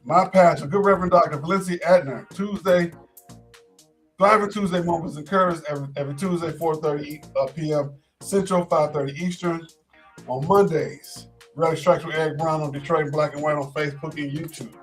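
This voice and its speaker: Man, sports talk host, casual chat, fairly high voice, faint music behind, repeats himself. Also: fairly even intonation, brisk. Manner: laid-back, repeats words when thinking.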